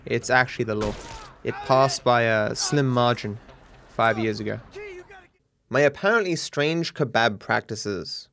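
An Australian man, a streamer, answering viewer questions in a casual, meandering way, with deadpan jokes and frequent restarts. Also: mid-range voice, unhurried, gravelly. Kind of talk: casual rambling Q&A.

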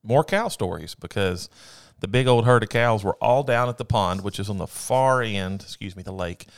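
A man's voice: on the low side, normal speed. A man co-hosting a casual chat, telling a story in an upbeat, rambling way. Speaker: podcast co-host.

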